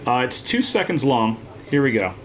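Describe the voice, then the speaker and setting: Animated teasing male breaks host. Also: mid-range voice, normal speed, a little hiss or hum. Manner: teasing, banter with viewers, frequent "uh" fillers. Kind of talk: casual live-stream chat.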